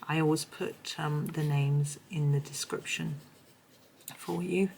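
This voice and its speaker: Woman, hoarse, lowish voice, chatty meandering tutorial talk, faint background scratching. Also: steady tone, slow pace, darkish tone, slight background noise, rough recording. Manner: chatty, meandering, self-correcting. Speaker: colouring tutorial host. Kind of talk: casual tutorial narration.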